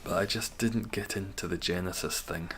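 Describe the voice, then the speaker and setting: Lowish-voiced man chatting on a game stream. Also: fairly even intonation, normal speed, a bit bright, a little hiss or hum. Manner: chatty, reads out and answers chat, dry teasing humor. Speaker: live-stream host. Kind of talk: casual live-stream commentary while gaming.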